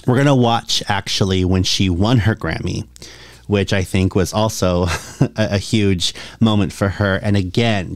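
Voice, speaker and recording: A man's voice: low-pitched, no echo, studio quality. A man hosting a casual reaction video, chatty and opinionated, laughing often as he talks. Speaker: host.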